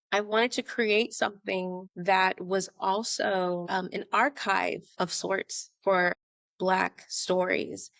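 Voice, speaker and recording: An American woman telling her story as a podcast guest, animated and conversational, acting out remembered dialogue. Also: fairly low pitch, creaky, no room sound, clean studio sound. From United States. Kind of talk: conversational interview.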